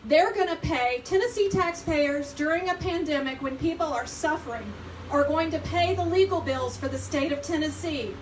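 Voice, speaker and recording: Woman, tearful, press statement, distant mic, faint hiss. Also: high voice. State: emotional, near tears. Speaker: abortion provider representative. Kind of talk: emotional press conference statement. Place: outdoor press conference.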